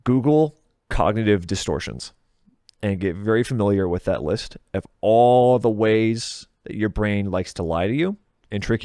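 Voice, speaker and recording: A man's voice: on the low side, mellow, no room sound, clean studio sound. A man in his thirties, a podcast guest, talking loosely and candidly in casual conversation, swearing freely and laughing at himself. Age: 30s. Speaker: podcast guest, video game content creator. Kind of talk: casual interview chat.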